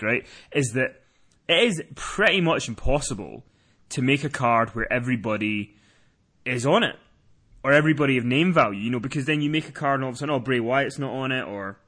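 A man's voice: mid-range voice, a bit bright. A man chatting on a podcast, telling a rambling story with many restarts. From lives in Scotland. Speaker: podcast co-host. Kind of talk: casual podcast chat.

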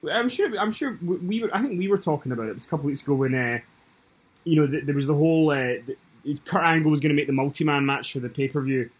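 Husky-voiced chatty man podcasting. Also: on the high side, expressive. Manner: chatty, halting, restarts mid-thought. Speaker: podcast co-host. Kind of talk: casual podcast chat.

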